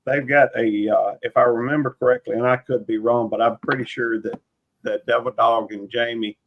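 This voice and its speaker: A man rambling in casual chat, halting with fillers and restarts. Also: medium pitch, fairly even intonation. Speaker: live stream panelist. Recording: dull lo-fi stream audio.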